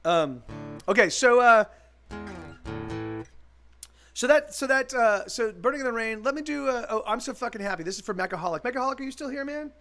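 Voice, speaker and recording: A man with a high voice talks to his live-stream viewers in a loose, rambling way, circling back and restarting his sentences, now and then dropping a curse. Faint music plays softly behind him. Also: lively intonation, quick pace. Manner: rambling, with many restarts and casual swearing.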